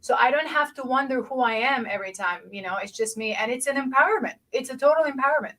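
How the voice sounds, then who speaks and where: A woman's voice: high-pitched, quick pace, bright, forceful tone, low-quality recording. A woman from Lebanon hosting a podcast interview, sharing a personal story in a chatty way with many fillers. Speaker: podcast host. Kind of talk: conversational interview.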